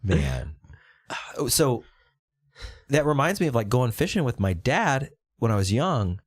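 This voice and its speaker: A man's voice: medium pitch, very animated, measured pace, breathy edge, dry recording, clean studio sound. A young man co-hosting a podcast, telling stories in a loose, laid-back way with lots of swearing. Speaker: podcast co-host. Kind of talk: casual chat.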